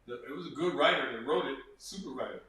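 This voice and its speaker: In a casual interview, a male guest speaks earnestly in a mid-range voice that is fast, pushed and bright. He repeats phrases and acts out quotes, recorded from a distance in an echoey room.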